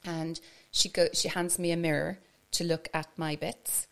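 An Irish woman from West Cork with a lowish, gravelly voice that has a bright, sharp edge. She tells her story in a chatty, scattered way, hopping between asides and laughing through it. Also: flat delivery, unhurried. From Ireland, West Cork. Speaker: guest. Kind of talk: casual storytelling chat.

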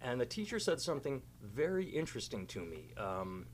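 A man co-hosting a podcast, telling a story at a relaxed pace with a dry sense of humor. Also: mid-range voice, a little fast, a little hiss or hum. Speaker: podcast co-host. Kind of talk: casual podcast chat.

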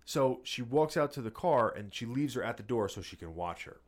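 A man co-hosting a casual podcast chat, telling a profane, animated story. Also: mid-range voice, normal speed. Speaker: podcast co-host.

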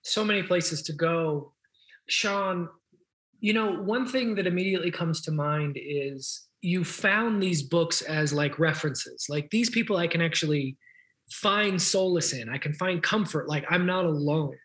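A man's voice: on the high side, unhurried, a bit bright. A man hosting an interview, reflecting thoughtfully and asking questions. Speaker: podcast host. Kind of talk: conversational interview.

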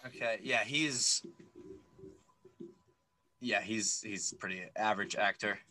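A man's voice: on the low side, takes it slowly, low-quality recording. A man co-hosting a podcast, recapping a movie in casual, opinionated chat full of fillers. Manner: opinionated, animated, lots of fillers. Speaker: podcast co-host.

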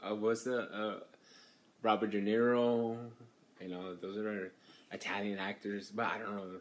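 A man in a casual movie chat, animated and ranting, with heavy swearing. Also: fairly low pitch, unhurried. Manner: animated, swears heavily, rants.

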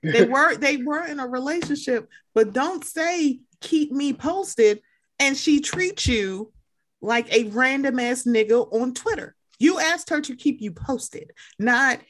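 A woman co-hosting a casual podcast chat, animated and blunt, swearing freely and acting out what others said. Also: sits high, takes it slowly. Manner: animated, mimics people in quotes, swears freely. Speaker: podcast co-host. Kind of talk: casual chat, reality show recap.

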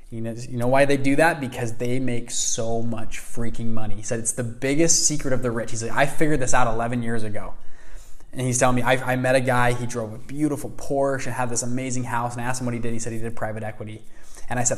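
A young man tells a personal story with lively energy, dropping to a hush and then rising loud as he acts out the people he quotes. His voice sits at a middle pitch for a man. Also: a little fast. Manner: animated, acts out quoted voices, swings between hushed and loud. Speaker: entrepreneur telling a personal story. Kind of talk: storytelling monologue.

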